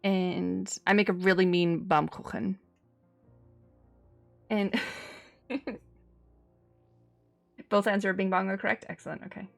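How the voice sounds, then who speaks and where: A chatty woman, talking casually as she streams a game. Her voice sits at a mid pitch, and she laughs often and answers her chat. Faint game music plays behind her. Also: fairly even intonation, slow, vocal fry, pauses often. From Cyprus. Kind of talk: casual chat while gaming.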